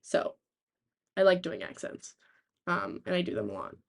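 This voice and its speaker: A woman's voice: sits low, moderate pace, gravelly. Rambling young woman streamer. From United States. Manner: rambling, animated storytelling with swearing. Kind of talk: casual chat.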